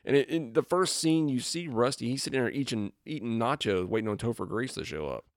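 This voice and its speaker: A man co-hosting a casual chat about a movie, his pitch swinging widely as he acts out scenes. The sound is close and dry, with no room around it. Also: fairly quick, no echo. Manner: animated, acts out quotes in a raised voice. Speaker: podcast co-host.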